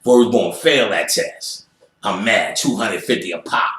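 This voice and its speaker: A man's voice: lowish voice, animated, a little slow, sharp tone. A man being interviewed, telling a profane story with lots of energy and acting out other people's voices and sound effects. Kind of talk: animated storytelling. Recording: roomy echo.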